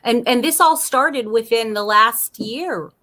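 A woman's voice: a little high, bright, forceful tone. A woman hosting a casual interview, reacting often with wows and small gasps. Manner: reacts with frequent wows and gasps, slow drawn-out speech. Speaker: host.

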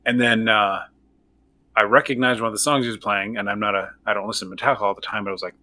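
A man's voice: lowish voice, fairly even intonation, fast, bright, forceful tone. A man telling a funny story in casual chat, amused and joking, laughing along.

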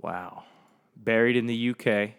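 A young man hosting a solo podcast, rambling in a casual, profane, animated way and talking straight to his listeners. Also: fairly low pitch, unhurried, clean tone. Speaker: podcast host.

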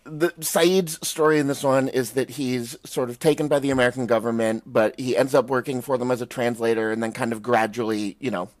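A man's voice: medium pitch, steady tone, a little fast, few pauses, no room sound. Casual rambling man, dry close sound. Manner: loose, rambling recap full of "like" and "um". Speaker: podcast host recapping a TV show. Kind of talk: casual chat.

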